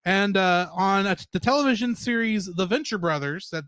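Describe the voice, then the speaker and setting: A man's voice: high-pitched, normal speed, smooth, dry recording, studio quality. A man co-hosting a podcast, talking casually and laughing often as he runs through a cast list. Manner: laughs often, animated and chatty. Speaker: podcast co-host.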